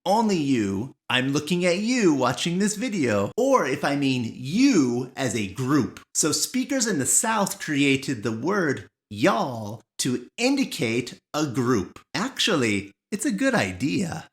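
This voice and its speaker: Online English teacher, careful and clear, unhurried delivery. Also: mid-range voice, big pitch swings. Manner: careful, clear explaining with examples. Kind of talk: explanatory online lesson.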